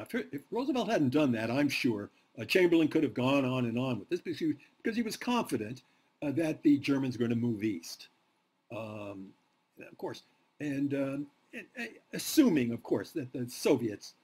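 Male history professor in a classroom, lively swooping delivery, slightly husky, drives points home with rhetorical questions. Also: mid-range voice. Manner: emphatic, asks rhetorical questions. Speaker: history lecturer. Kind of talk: university lecture.

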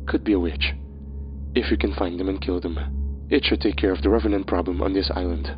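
A man voicing the hushed Horseman of Death. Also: sits low, steady tone, brisk, dull audio, soft background music, close to an everyday voice. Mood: calm. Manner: hushed, level delivery. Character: grim male Horseman of Death, calm and knowing.

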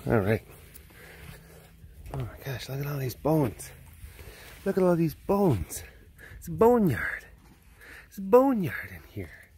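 A man's voice: on the high side, sing-song, slow pace, long pauses, a little mellow, husky. A man hosting a casual walking vlog outdoors at an animal compound, playfully cooing at the cats as he goes. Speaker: vlog host at a big cat facility.

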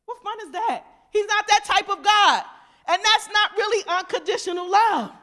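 A woman pastor, preaching a lively, casual sermon. She talks with the congregation, mimics voices and moves between loud emphatic shouts and quiet asides. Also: extremely high pitch, moderate pace.

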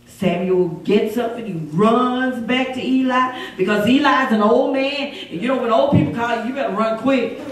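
A woman evangelist preaching a storytelling sermon, animated, moving from low narration to shouted exhortation. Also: normal speed, a little hiss or hum. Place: church sanctuary. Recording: echoey church sound from a distance.

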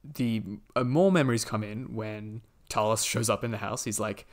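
A man's voice: fairly low pitch, normal speed. A man hosting a podcast, chatting casually about a movie and recapping the plot with lots of fillers and quoted lines. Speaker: podcast host.

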